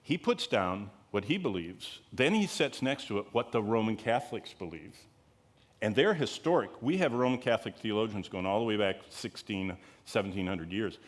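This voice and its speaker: With lively intonation and a moderate pace, a man leads a live Bible lesson in conversational lecture style. He wanders into frequent digressions, asks his listeners rhetorical questions, and lifts important words higher to stress them.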